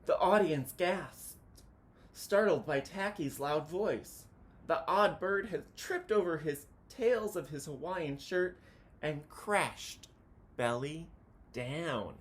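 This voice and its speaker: A man reading a children's picture book aloud, chanting the counting cheers with animated delivery. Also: on the high side, takes it slowly.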